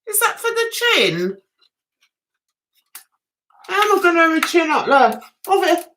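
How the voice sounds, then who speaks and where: A woman chatting on a livestream, rambling and giggly as she talks straight to her viewers. Her voice is high and bright, and it bounces all over the place. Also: sing-song, a little slow, slight background noise. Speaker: vlogger hosting a livestream. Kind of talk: casual livestream chat.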